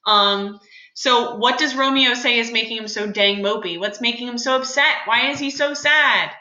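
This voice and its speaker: A woman teacher chats through a lesson in an informal, joking way. Her voice is bright and a little high. The sound carries a roomy echo. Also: moderate pace, dull audio. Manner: chatty, informal, joking asides. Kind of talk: casual lesson talk.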